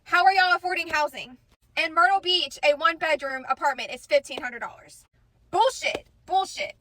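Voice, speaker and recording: High, bright, indignant young woman. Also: fairly even intonation, slight background noise, low-quality recording. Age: 20s. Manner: indignant, rapid questions. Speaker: social media poster. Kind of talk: casual complaint to camera.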